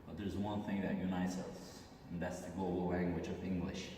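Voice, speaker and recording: A low-voiced man with an Azerbaijani accent reads a comic monologue at a steady, deliberate pace. He is heard from a distance in a large hall with long, heavy reverb and a faint hiss underneath. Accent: Azerbaijani, Aghdam. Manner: deliberate, measured delivery with occasional restarts. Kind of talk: reading a prepared comic monologue.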